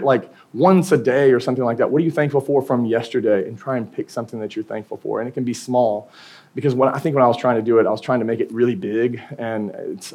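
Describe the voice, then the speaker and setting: A young male pastor gives a sermon in a relaxed, chatty way, slipping in jokes and little acted-out quotes. His voice sits in a middle pitch, and he tells stories with lively energy. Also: slightly rough. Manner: casual, conversational preaching with humor and quoted asides.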